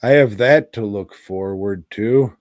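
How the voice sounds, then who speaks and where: A man's voice: on the low side, takes it slowly, a little mellow, no echo, clean studio sound. A man co-hosting a podcast, talking in a sardonic, gloomy and profane way. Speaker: podcast co-host. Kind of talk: casual podcast chat.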